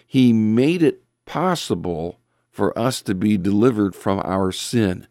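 Earnest male preacher with a low voice. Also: lively intonation, slow, darkish tone, dry recording, studio quality. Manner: earnest, reads scripture aloud, frequent fillers and restarts. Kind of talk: sermon.

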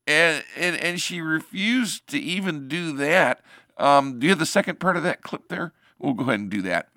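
Bright, animated male show host. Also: on the high side, dry recording, studio quality. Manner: animated, halting, restarts often. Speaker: commentary host. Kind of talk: casual commentary on a clip.

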